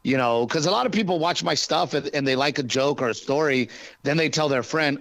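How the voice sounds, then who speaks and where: A man with a somewhat high voice talks as an interview guest, an animated storyteller who slips into little acted-out arguments. The sound is dry and close, with no room around it. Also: a little fast, vocal fry, dry recording, rough recording. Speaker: stand-up comedian and guest. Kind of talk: casual interview chat.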